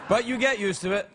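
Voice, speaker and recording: A man's voice: high voice, noisy background. A man hosting a late-night talk show, joking and teasing as he reads viewer mail. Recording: live studio audience laughter.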